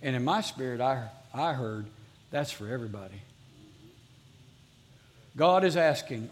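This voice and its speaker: A man's voice: medium pitch, lively intonation, measured pace, long pauses. A man preaching a sermon as pastor to a live congregation, earnestly repeating his exhortations.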